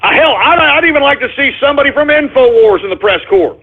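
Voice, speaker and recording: Actor as an angry, high-voiced talk radio host ranting on a lo-fi line. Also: male voice, expressive, fast, creaky. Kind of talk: political talk radio rant. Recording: narrow phone-like lo-fi sound.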